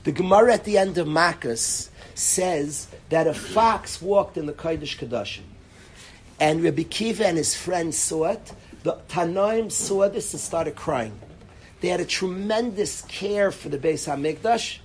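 A man's voice: on the high side, lively intonation, measured pace. A rabbi teaches a live class in a somewhat raised voice, pressing his points with emphatic repetition and frequent restarts. He speaks straight to his students. A faint hiss sits under the recording. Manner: emphatic, repeats words and restarts, addresses students directly. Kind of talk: informal Torah lecture to a live class.

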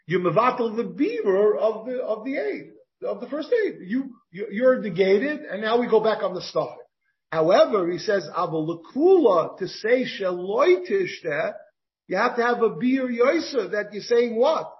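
A man's voice: high-pitched, very animated, moderate pace. A rabbi teaching a Talmud class, thinking aloud and posing rhetorical questions as he works through the text. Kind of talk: Talmud lecture. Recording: dull lo-fi recording.

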